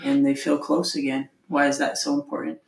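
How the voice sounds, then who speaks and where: Gravelly-voiced interviewer, echoey room. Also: medium pitch, big pitch swings, a little fast. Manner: probing, summarizing questions. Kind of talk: casual conversation.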